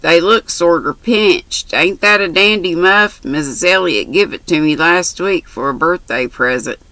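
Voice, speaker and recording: A woman's voice: on the low side, measured pace, sharp tone, no room sound, rough recording. A woman voicing a brash, chatty country orphan girl who talks in bossy, boastful slang.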